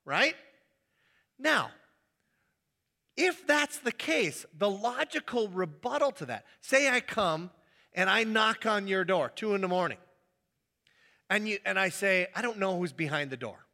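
A man preaches with a high, bright voice that swings widely in pitch. He acts out little scenes, jumping between voices as he tells his story. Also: expressive, a little slow, pauses often. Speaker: pastor. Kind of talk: sermon.

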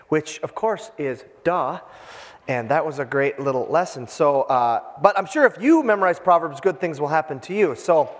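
A middle-aged man from Minnesota preaches an informal sermon in a slightly high voice. He rambles and pokes fun at himself, full of fillers and restarts. His words ring out with a long reverb, as in a large hall. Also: lively intonation, normal speed. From Minnesota, USA. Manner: rambling, self-deprecating and chatty, with many fillers. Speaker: pastor.

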